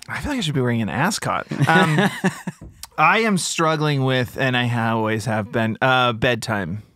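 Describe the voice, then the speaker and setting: A man's voice: mid-range voice, animated, a little slow, pushed and bright. Self-deprecating, laughing podcast guest, man. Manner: self-deprecating, laughs through his stories. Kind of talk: casual podcast chat.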